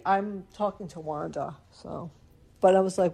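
A woman's voice: lowish voice, a little slow, gravelly, warm tone. A woman hosting a radio show in casual chat, rambling and stopping to correct herself with small chuckles.

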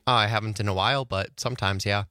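A man's voice: fairly low pitch, fairly even intonation, fast talker, sharp tone, clear, resonant tone, no echo. A young male radio producer from Wisconsin, answering on a studio mic in a hesitant, thoughtful way with many fillers.

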